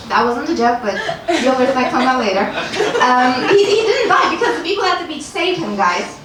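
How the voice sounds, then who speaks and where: A woman's voice: sits high, sing-song, a little slow, crowd noise. A young woman from Turkey performing a stand-up comedy set in a comedy club, delivering her punchlines in a dry, offhand way with little chuckles. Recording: very echoey, distant room sound with noise.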